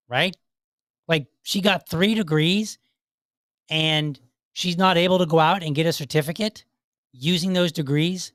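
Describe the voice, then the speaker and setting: A man's voice: fairly high pitch, moderate pace, fairly bright tone, dry recording. Sarcastic male podcast host, dry sound. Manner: sarcastic, argumentative, acts out imagined dialogue. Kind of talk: opinionated commentary on clips.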